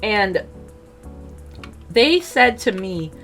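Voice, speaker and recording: A woman's voice: medium pitch, extremely slow. Woman, casual storytelling, chatty, lots of fillers, acts out voices, faint music behind. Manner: chatty and animated, many fillers, acts out quotes. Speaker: streamer telling a personal story.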